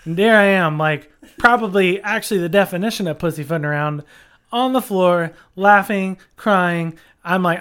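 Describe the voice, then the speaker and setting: A young man hosting a podcast and telling a rambling, animated story, full of fillers. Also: sits high, moderate pace, smooth. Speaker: podcast host. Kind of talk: casual storytelling.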